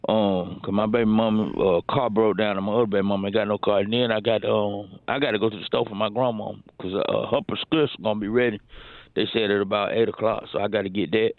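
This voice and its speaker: A man's voice: lowish voice, steady tone, fast talker, no room sound. A man calling in on the phone, rambling and stammering through excuses. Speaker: caller. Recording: tinny phone line.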